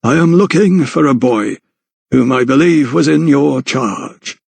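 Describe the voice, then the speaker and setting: A stiff, supercilious little notary who holds himself above his surroundings, played by a male narrator. He speaks in a prim, formal way, a little higher than the narration, recorded dry and close for an audiobook. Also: a little slow, gravelly, darkish tone, slightly rough, no echo, heavily acted.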